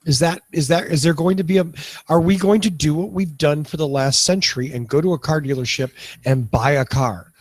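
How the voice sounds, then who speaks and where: A man co-hosting a casual panel chat, talking in animated, rambling runs full of restarts. His voice sits fairly high. The sound is dry and close. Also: brisk, dry recording. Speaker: podcast co-host.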